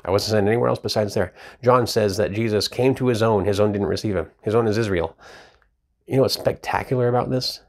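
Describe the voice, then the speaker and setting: A man's voice: on the low side, a little fast, a little mellow. A man teaching from the Bible in a casual, emphatic way, often repeating words as he reads and explains verses. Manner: emphatic, repeats words while reading scripture.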